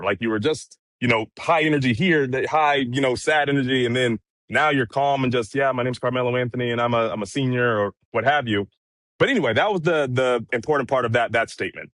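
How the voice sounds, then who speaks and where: Measured man recounting trial details. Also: mid-range voice, fairly bright tone, no echo. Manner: measured, recounting events with frequent fillers. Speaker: courtroom correspondent. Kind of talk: casual commentary chat.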